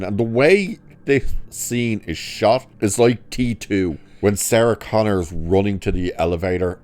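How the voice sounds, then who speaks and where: A man giving a sarcastic, exasperated review of a TV episode, swearing freely and swinging his pitch up sharply when he mocks it. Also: a little mellow. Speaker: show reviewer.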